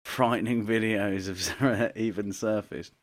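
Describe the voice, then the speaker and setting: A man's voice: fairly low pitch, fairly even intonation, unhurried, dry recording. Man, podcast co-host, casual and sweary, keeps saying mate, dry sound. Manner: sweary, laughs a lot, says "mate". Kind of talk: casual chat, reading news stories.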